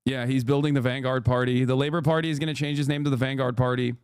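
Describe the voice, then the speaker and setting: A man's voice: medium pitch, level tone, fast, background noise. A man, streaming and riffing in a rambling, profane, joking way over clips. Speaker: streamer host. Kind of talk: live-stream reaction commentary.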